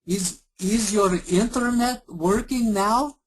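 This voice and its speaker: A man voicing an impatient male call-center agent in a bad put-on Indian accent, rushing his words in a customer service role-play. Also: high voice, voice pushed up. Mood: dismissive. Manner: rushes words and brushes the caller off.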